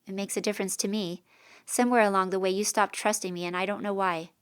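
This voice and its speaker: A woman's voice: mid-range voice, steady tone, fast, clean tone, natural voice. A woman doing a stubborn, earnest young man. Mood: firm. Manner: firm, earnest.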